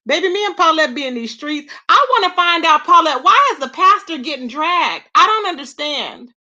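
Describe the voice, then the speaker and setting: A woman hosting a livestream, chatting casually with viewers, gossipy and animated, thanking them by name and laughing often. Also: high-pitched, lo-fi sound. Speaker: livestream host.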